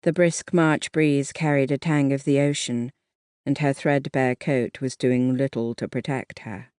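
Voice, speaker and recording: An audiobook narrator giving a measured, even reading of a historical novel. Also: mid-range voice, clear, resonant tone, no echo, studio quality.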